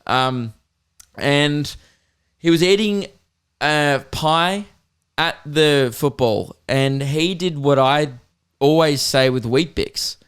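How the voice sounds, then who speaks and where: A man's voice: fairly high pitch, slow pace, a bit bright, clear, resonant tone. A young Australian man hosting a podcast, rambling through casual jokes and swearing freely. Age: young adult. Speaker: podcast host. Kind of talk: casual comedic chat.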